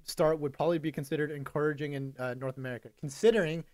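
A young man co-hosting a podcast, rambling through casual chat, full of fillers and quick laughs. His voice sits a bit high for a man, and it is recorded close and dry. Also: steady tone, a little mellow, no echo.

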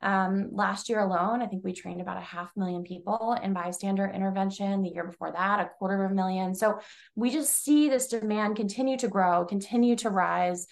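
A woman's voice: mid-range voice, steady tone, brisk, creaky. A woman in her forties, a nonprofit leader speaking as an interview guest, earnest and full of fillers and restarts. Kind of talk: conversational interview.

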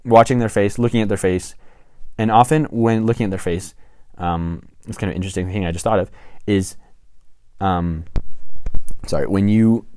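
A man's voice: fairly low pitch, fairly even intonation, moderate pace, pauses often, warm tone, no echo. A young man giving casual, rambling advice, often correcting himself and checking in with "right?" and "okay?". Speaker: tips video presenter. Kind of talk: casual explainer monologue.

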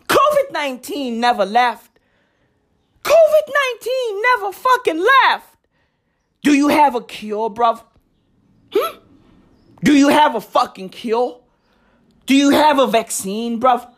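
A man, ranting loudly and mockingly, swearing and laughing as he talks. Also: very high voice. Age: 20s. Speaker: comedic ranter. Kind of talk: profane comedic rant. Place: outdoors in a lively neighborhood.

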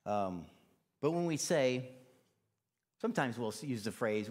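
A man's voice: lowish voice, lively intonation, brisk, a little mellow. A man preaching a casual, conversational sermon in church, using plenty of fillers. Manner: casual, chatty, with many fillers.

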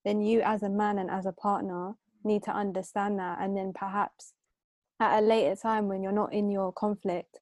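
Earnest young woman, mellow dry voice. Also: medium pitch, little pitch movement, moderate pace, no echo. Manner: earnest, opinionated, self-described as very emotional. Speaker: podcast co-host. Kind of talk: casual podcast chat.

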